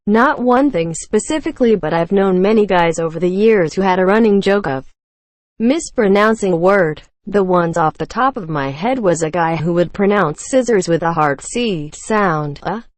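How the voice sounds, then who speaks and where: A woman with a fairly low voice reads forum comments one after another in a flat, even delivery. The sound is dry and close, with no room around it. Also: dry recording. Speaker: narrator reading forum posts. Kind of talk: reading comments aloud.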